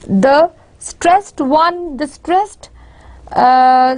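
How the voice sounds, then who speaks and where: A high-pitched woman lecturing at an unhurried pace. She says example words over and over to model their stress. She pauses often and restarts her sentences. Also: lively intonation, darkish tone. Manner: repeats words slowly to model stress, many fillers and restarts. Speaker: university lecturer. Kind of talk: slow classroom lecture.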